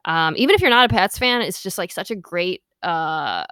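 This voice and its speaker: A woman's voice: fairly low pitch, expressive, fairly bright tone, clear, resonant tone, no echo. Chatty woman podcast host, dry sound. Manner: chatty, quick asides, playful defensiveness. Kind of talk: casual sports podcast chat.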